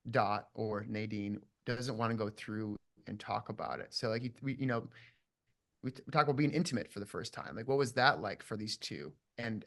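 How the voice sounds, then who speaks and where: A man's voice: medium pitch, fairly bright tone. A man from southern Minnesota, an actor, talking casually and thoughtfully about his role, circling back with restarts and fillers. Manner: reflective, rambling, full of restarts and fillers. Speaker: actor guest. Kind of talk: casual interview chat.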